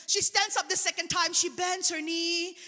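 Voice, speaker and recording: A woman preaching a sermon, telling a testimony in an animated way. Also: very high voice, normal speed. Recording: long hall reverb.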